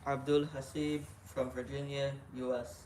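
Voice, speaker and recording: A man reads submitted questions in a flat, plain voice that sits slightly high. He is heard from a distance in a roomy, echoing space with faint noise, so the sound is hollow. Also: unhurried. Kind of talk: reading listener questions aloud.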